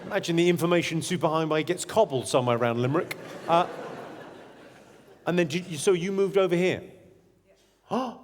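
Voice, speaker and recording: A man's voice: fairly high pitch, brisk, long pauses, slight background noise. A man doing stand-up crowd work, teasing audience members in a brash, profane way. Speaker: stand-up comedian. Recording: live show in a large hall with loud crowd.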